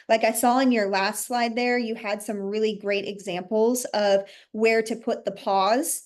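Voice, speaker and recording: A woman's voice: a little high, steady tone, unhurried. A woman hosting a podcast, chatting with fillers like "like" and "you know". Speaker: podcast host. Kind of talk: conversational podcast talk.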